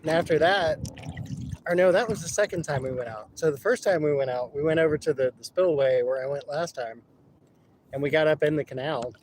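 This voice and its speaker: A man tells loose, laughing stories while out on the river, cursing freely as he goes. His voice sits a touch high for a man. Faint outdoor noise hangs behind him. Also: brisk, poor audio. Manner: rambling, laughing, swears freely. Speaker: vlogger. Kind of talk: casual storytelling while kayaking.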